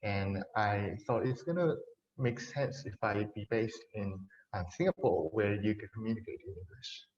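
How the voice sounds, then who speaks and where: A man speaks casually as a webinar guest, stopping and restarting his sentences often. His voice sits low. The sound is dull and muffled, as over a video call. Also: darkish tone. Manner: halting, with many restarts and fillers.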